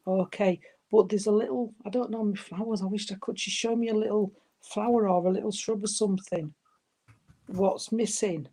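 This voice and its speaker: A woman's voice: medium pitch, fairly even intonation, moderate pace, mellow. A woman giving a live mediumship reading, hesitant and affectionate, calling her listeners darling. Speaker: spiritual medium.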